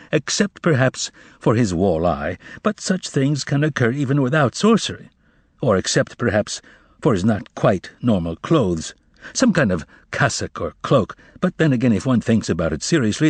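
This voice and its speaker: Man, audiobook narration, expressive, measured, husky, dry close recording. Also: medium pitch, no echo. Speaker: audiobook reader. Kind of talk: novel narration.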